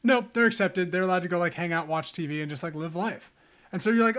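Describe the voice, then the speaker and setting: A man co-hosting a gaming podcast in casual chat, animated and full of filler words. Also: high voice, quick pace. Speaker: podcast co-host.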